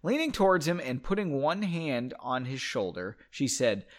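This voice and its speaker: A man's voice: mid-range voice, animated, unhurried, hardly any pauses. A man reading his own story aloud, breaking off for joking asides and self-corrections. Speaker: reader of his own book.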